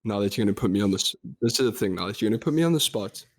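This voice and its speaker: A young man with a South African Durban accent, co-hosting a podcast in relaxed, explaining casual chat. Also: lowish voice, racing. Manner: relaxed, explaining, slightly monotone. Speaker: podcast co-host.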